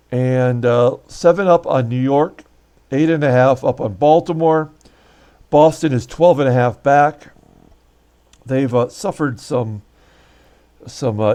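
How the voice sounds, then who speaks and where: Lively-pitched man recapping a baseball replay. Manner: chatty, thinking aloud with fillers and self-corrections. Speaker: host of a baseball season replay. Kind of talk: casual game commentary.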